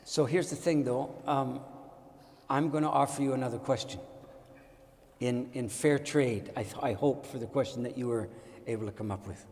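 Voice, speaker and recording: An older man speaks at a medium pitch, telling a reflective story with wry, deliberate phrasing that wanders into asides. His voice rings with the long reverb of a large hall. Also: fairly even intonation, a little mellow. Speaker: teacher running a school.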